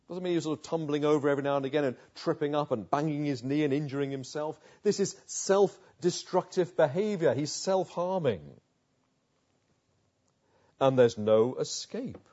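Husky-voiced preacher asking vivid questions. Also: male voice, a little high, animated, moderate pace, dark tone, highs cut off. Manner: vivid, questioning, rhetorical build-up. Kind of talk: sermon.

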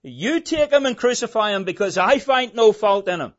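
A preacher acting out an exasperated Roman governor. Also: male voice, high-pitched, lively intonation, normal speed, pitched above the performer's own voice. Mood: exasperated pleading. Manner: scornful, pleading, emphatic. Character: exasperated male Roman governor pleading with a crowd. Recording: dull lo-fi recording.

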